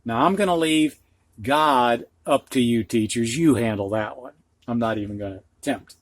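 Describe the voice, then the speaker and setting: A man's voice: medium pitch, moderate pace, dry recording. A middle-aged man with a Midwestern accent teaching a phonics lesson, patient and repeating each word twice. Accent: Midwestern US (Ohio, Michigan). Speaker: reading teacher.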